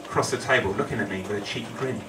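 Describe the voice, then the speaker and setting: A man with a lowish voice talks fast as he rambles through a funny true story on stage, poking fun at himself. He's heard from afar in an echoey event hall, with a distant mic and plenty of background noise.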